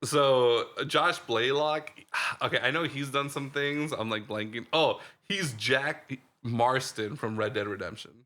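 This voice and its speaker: A male podcast co-host speaks in a mid-range voice at a measured pace, pushed and bright, barely pausing. His casual take on a movie rambles and is thick with "like" and "dude."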